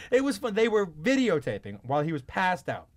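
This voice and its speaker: Very noisy audio carries a man's high-sitting, slightly fast voice. He's a podcast co-host, an animated storyteller in casual chat who swears freely and acts out what people said.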